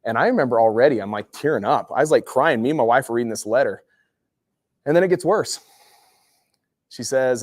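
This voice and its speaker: A man's voice: lowish voice, normal speed, long pauses, darkish tone, no room sound, studio quality. Casual rambling motivational speaker, a man. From Utah. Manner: casual, rambling storyteller with many fillers. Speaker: guest speaker. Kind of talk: motivational talk with personal stories.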